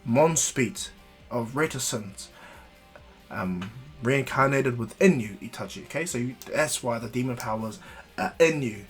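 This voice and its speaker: A man's voice: mid-range voice, animated, unhurried, faint music behind, natural voice. A man voicing Naruto, a young male ninja hero, in a casual retelling of a fan story. His tone stays matter-of-fact and explanatory. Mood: explaining.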